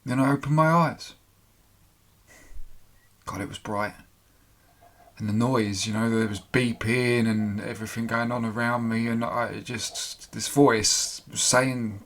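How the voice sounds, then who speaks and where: Male storyteller, mid-pitched, emotional halting delivery, pauses and restarts, candid personal account. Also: steady tone, a bit bright. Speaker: storyteller recounting his own experience.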